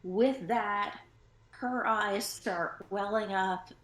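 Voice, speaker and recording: A woman narrates her character's moves in a tabletop game, slow and unhurried. Her voice rings in an echoey room. She speaks at a middle pitch. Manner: unhurried and descriptive. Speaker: player.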